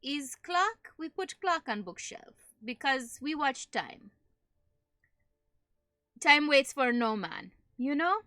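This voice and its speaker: A woman's voice: high-pitched, lively intonation, takes it slowly, sharp tone, no echo, clean studio sound, heavily acted. A woman streamer putting on a broken-English character with a mock German accent, dropping her articles in clipped phrases. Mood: deadpan playful. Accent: put-on German. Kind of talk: playful put-on voice while streaming.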